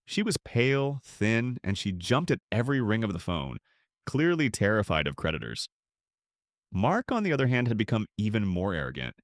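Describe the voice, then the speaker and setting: An older man narrates a dramatic story in the first person. His voice sits low but swings widely for emphasis, recorded dry and close to the mic. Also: very animated, moderate pace, no room sound.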